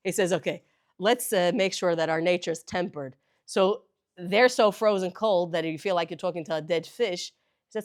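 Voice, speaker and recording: A woman teaching a lively class, animated and emphatic, moving between languages in a synagogue hall. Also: lowish voice, fast talker.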